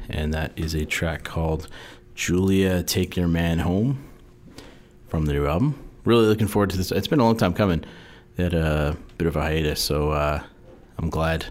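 A man hosting a late-night radio music show, chatting casually and rambling with frequent fillers from the station studio. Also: sits low.

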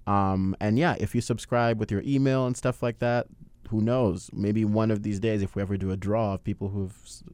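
Canadian male co-host, lowish voice, loose rambling chat, dry close sound. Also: steady tone, moderate pace, a little mellow, clear, resonant tone, no echo. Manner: rambling, filler-heavy, laughs easily. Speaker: podcast co-host. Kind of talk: casual podcast chat.

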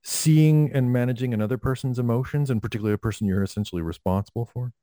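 A man interviewing a guest, asking brisk, probing questions. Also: mid-range voice, warm tone, dry recording.

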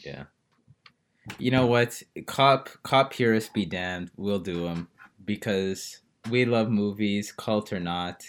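A man with a fairly low voice co-hosting a podcast. He clowns around with big mock-serious speeches aimed at the listeners. His delivery is relaxed and chatty. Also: takes it slowly, smooth. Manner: playful, mock-grand pitching. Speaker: podcast co-host. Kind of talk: casual chat.

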